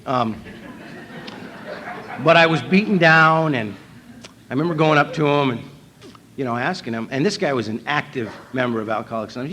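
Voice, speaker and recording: A man's voice: medium pitch, a bit bright, slight background noise. Wry self-mocking man telling his story. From North Dakota. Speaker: recovery meeting speaker. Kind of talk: storytelling talk at a convention. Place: convention hall.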